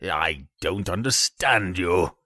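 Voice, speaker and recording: A man's voice: sits low, expressive, takes it slowly, pushed and bright, no echo, clean studio sound, voice pushed down, heavily acted. A man doing a pompous old water rat. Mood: self-satisfied. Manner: pompous, self-important.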